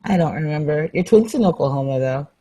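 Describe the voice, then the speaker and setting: Blunt wry woman with a low voice. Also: lively intonation, fast talker, warm tone, husky, poor audio. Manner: blunt, wry, swears casually. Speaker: co-host of a book show. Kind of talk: casual chat.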